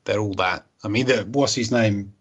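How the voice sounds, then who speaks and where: Low-voiced man chatting, muffled line. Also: a bit bright. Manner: chuckling, quick agreeing remarks. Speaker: guest. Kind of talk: casual chat.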